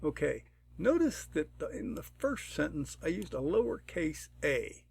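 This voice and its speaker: A man talking through a programming tutorial step by step, unhurried and thinking aloud, often clearing his throat. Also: fairly high pitch, sing-song, a little mellow. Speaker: tutorial presenter. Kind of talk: screen-recorded programming tutorial.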